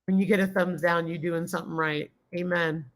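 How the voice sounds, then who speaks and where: Her voice is fairly low and steady, and she talks a little fast while hosting a relaxed live stream. Calling out viewers by name and reading comments aloud, she pours out thanks.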